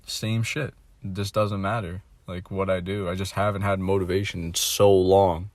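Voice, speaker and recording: A dejected young man venting in a candid monologue, mumbling and swearing, trailing off into quiet asides. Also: flat delivery, moderate pace, no room sound. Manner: mumbling, trailing off, heavy swearing, mocks others in a high voice.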